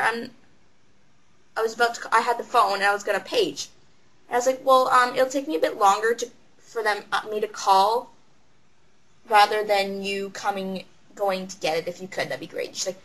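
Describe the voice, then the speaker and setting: Young cashier girl venting about work, bright voice, rambly, keeps doing little quoted voices. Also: medium pitch, steady tone, poor audio. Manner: chatty, rambling, acts out customers in quick quoted voices. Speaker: retail cashier. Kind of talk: casual vlog storytelling.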